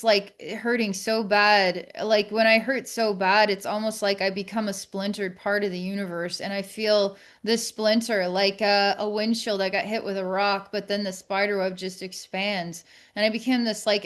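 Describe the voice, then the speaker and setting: Reflective woman sharing her story. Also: medium pitch. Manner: reflective, halting, with many restarts. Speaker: podcast guest. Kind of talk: candid personal storytelling.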